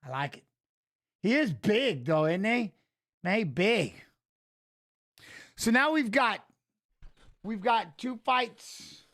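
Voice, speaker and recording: Guy with a pretty high voice talking over the fights, rambly and chatty. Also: expressive, slow, long pauses, fairly bright tone. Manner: rambling, talks to chat viewers, emotional. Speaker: fight watch-along commentator. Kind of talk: casual live fight commentary.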